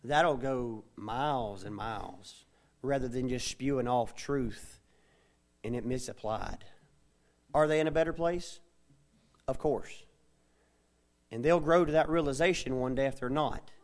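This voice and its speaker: A man preaching a sermon, often tagging his points with a questioning "amen?" and building from quiet asides to loud, emphatic stretches. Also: mid-range voice, unhurried, long pauses. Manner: tags phrases with a questioning "amen?". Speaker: pastor.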